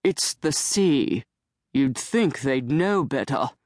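A woman voicing a formal, weary older widower in an audiobook, speaking in a measured, clipped way. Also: extremely low pitch, animated, darkish tone, dry recording, studio quality, heavily acted. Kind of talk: audiobook character voice. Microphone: close studio mic.

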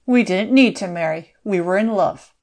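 A cold-hearted villainous lord, sneering and cool, speaks with a loud, firm voice in an audiobook reading, as a woman narrator puts him on. His pitch sits in an ordinary middle range, and his mockery stays calm and controlled. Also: moderate pace, lightly acted. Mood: mocking.

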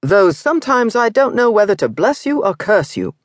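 A narrator voicing a lean, limping Englishman, a weary innkeeper speaking warmly to a friend. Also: high voice, very animated, moderate pace, no echo, studio quality, pitched above the performer's own voice.

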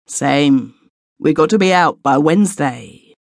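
A woman's voice: low voice, animated, takes it slowly, gravelly, no echo, clean studio sound, full character voice. A woman narrator voicing Fred Henry, a young man who presses his sister with persistent, exasperated questions. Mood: gruff. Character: exasperated young man, pushy elder brother.

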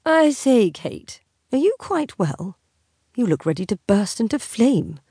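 A woman voicing a teasing, insolent young aristocratic husband in a slow, drawling, mocking manner. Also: a little high, big pitch swings, mellow, slightly rough, no room sound, studio quality, pitched above the performer's own voice, heavily acted.

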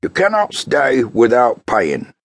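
A man voicing a blunt, stern male lodging house keeper in an audiobook, speaking firmly and slowly. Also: medium pitch, wildly swooping pitch, creaky, dry recording, pitched above the performer's own voice, full character voice. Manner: blunt, firm.

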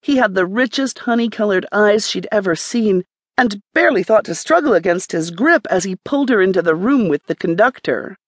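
A woman narrating a romance audiobook in a measured, even storytelling manner. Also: mid-range voice, no room sound, studio quality.

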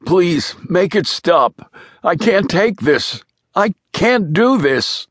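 A man's voice: high voice, very animated, slow, a bit bright, breathy edge, dry recording, studio quality, voice pushed up, exaggerated voice. A man voicing a distraught young man in his early thirties, pleading and screaming in an audiobook thriller. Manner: pleading, shrieking. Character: young man breaking down, desperate. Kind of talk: audiobook character voice.

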